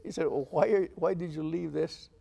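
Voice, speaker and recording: Gravelly-voiced older man telling stories. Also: fairly high pitch, normal speed, warm tone. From San Antonio, Texas. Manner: storytelling, acts out quoted dialogue. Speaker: veteran interviewee. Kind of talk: oral history interview.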